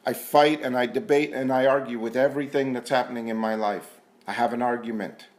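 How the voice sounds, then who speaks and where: A man's voice: medium pitch, fairly even intonation, brisk. A man speaking earnestly at a recovery meeting, sharing in a conversational, self-questioning way. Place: meeting room.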